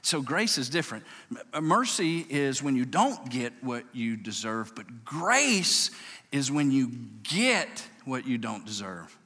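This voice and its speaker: A man in his forties with a Louisiana accent, a pastor telling a story as a sermon in a folksy, animated way, growing low and quiet for tender moments. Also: slow pace, husky. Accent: Southern US, Louisiana. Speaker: pastor, state police chaplain. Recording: long reverb of a large hall.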